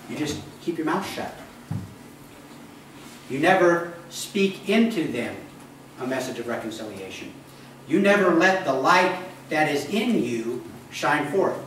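A man's voice: on the high side, a bit bright, slight background noise. Conversational male pastor in echoey church. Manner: conversational, asks the congregation questions. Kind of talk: sermon. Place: church sanctuary. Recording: echoey church hall, mic from a distance.

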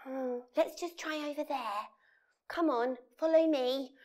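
A woman's voice: high voice, measured pace, a little mellow. A woman leading an interactive children's story session, theatrical and wide-eyed, full of gasps and exclamations.

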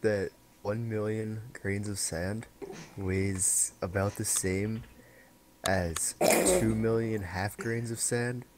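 Slow-talking deadpan guy gamer, noisy mic hiss on voice chat. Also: fairly low pitch. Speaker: player. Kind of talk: casual voice chat.

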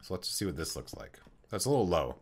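A man streaming a building game, thinking aloud in a casual, halting way with many pauses. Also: low voice, sing-song, breathy edge. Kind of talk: casual live-stream commentary while building.

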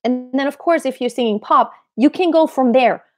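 A woman vocal coach answering viewer questions in a relaxed, explanatory way, breaking into short sung examples. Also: high-pitched, moderate pace. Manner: explanatory, demonstrates with sung snippets.

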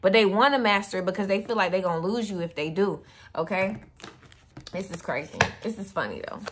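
A woman's voice: medium pitch, fairly quick. A woman with a Southern US accent giving a casual tarot reading, blunt and profane, laughing often. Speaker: tarot reader.

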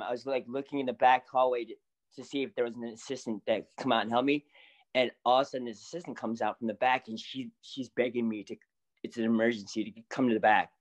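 A man, a salon stylist, telling a story as a guest in casual chat, animated and laughing often. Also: mid-range voice.

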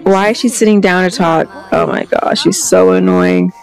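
A woman's voice: lowish voice, fairly even intonation, moderate pace, gravelly, soft background music. A young woman giving casual, chatty commentary on a life-simulation game, exclaiming often and voicing what the characters think. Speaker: gameplay vlogger.

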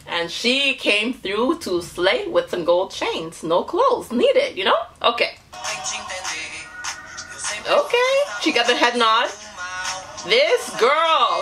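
A woman hosting a reaction video, excitable and slangy, laughing often as she comments on a music video. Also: on the high side, slow pace, pauses often, poor audio. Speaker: YouTube reaction host.

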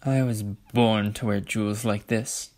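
A man's voice: on the low side, fairly even intonation, measured pace, darkish tone, natural voice. A man voicing a haughty, bossy teenage girl in a storybook reading, commanding and falsely sweet. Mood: imperious.

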